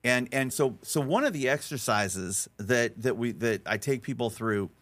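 A middle-aged man, a podcast guest, talking in an emphatic, animated way, acting out dialogue as he tells stories with frequent restarts. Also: mid-range voice, normal speed. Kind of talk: conversational storytelling interview.

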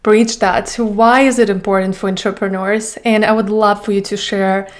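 A woman's voice: mid-range voice, flat delivery, normal speed. A woman podcast host with a Russian accent, a non-native English speaker asking earnest questions and searching for words. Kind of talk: interview questions.

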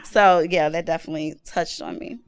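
A woman's voice: deep voice, steady tone, a little fast, smooth. A woman guest on a faith-based podcast, sharing an earnest, reflective testimony.

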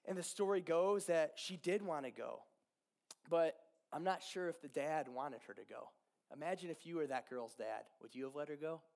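His voice on the high side and gravelly, a young man recounts a Bible story in an informal, energetic sermon, complete with fillers, side comments and rapid acted-out exchanges.

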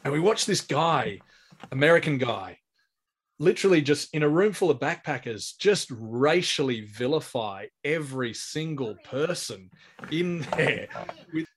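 A man's voice: a little high, lively intonation, normal speed, breathy edge. Australian man, forties, comedian guest, anecdotal, stop-start sentences. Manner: rambling anecdotal storyteller with many restarts. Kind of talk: casual podcast interview.

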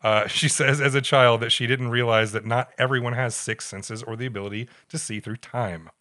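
A man's voice: mid-range voice, steady tone, brisk, bright, forceful tone. A man co-hosting a podcast, telling a story in a wry, casual way and reading quotes aloud. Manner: wry, reads quotes aloud with put-on voices. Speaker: podcast co-host.

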